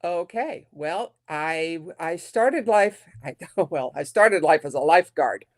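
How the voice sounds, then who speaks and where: A woman in her fifties, an attorney guest, telling her background in a relaxed, wry way. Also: low-pitched, slow. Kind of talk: casual interview answer.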